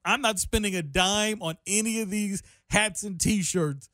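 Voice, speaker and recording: A man's voice: high voice, unhurried, a bit bright, no room sound, studio quality. A man hosting sports talk radio, upbeat and chatty. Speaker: radio host.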